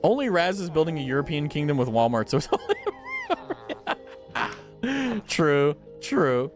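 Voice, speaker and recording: A man's voice: fairly high pitch, very animated, a little slow, faint music behind. A man streaming a game, chatting casually and playfully stumbling through foreign words with frequent giggles. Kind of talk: casual live game commentary.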